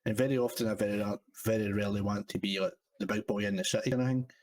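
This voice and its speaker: A man's voice: on the low side, fairly even intonation, racing, darkish tone. A man chatting casually as a podcast guest, rambling and swearing. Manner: sweary, rambling, lots of "you know what I mean". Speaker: guest, server owner.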